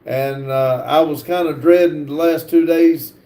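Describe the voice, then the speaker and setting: Gravelly man haltingly reading chat. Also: a little high, steady tone, dark tone, roomy sound. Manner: halting, stumbling reader with many fillers. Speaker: livestream host reading chat. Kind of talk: casual live chat, reading comments aloud.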